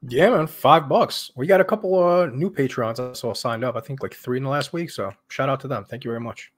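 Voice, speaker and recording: Male co-host, average pitch, relaxed profane banter. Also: fairly quick. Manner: easygoing, profane, laughs often. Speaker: podcast co-host. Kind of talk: casual podcast chat.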